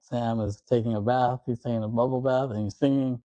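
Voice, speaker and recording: Dark-voiced man recapping a movie. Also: medium pitch, no echo. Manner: animated, acts out movie lines in quick impressions. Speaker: podcast co-host. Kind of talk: casual chat recapping a movie.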